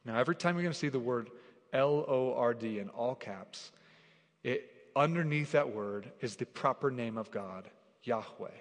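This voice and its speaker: A man's voice: medium pitch, normal speed. A man preaching a sermon as pastor, earnest and conversational, often saying "like", building to emphatic repeated declarations. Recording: long hall reverb.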